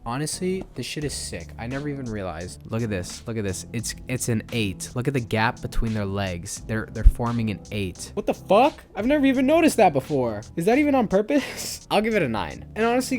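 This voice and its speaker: A young man reviewing a manga series in a casual, excitable, profane and rambling way. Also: a little high. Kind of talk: casual video commentary.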